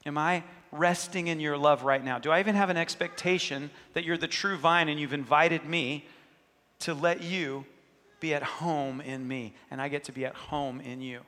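A man's voice: on the high side, steady tone, normal speed, bright, forceful tone, long reverb tail. A man preaching a sermon, earnest and conversational, voicing inner thoughts and prayers as he speaks. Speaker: pastor.

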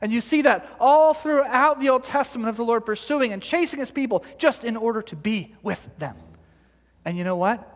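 A male pastor with a very high voice preaches at a moderate pace in a large hall. Animated stories, many fillers and restarts, and gentle joking with the congregation shape his sermon.

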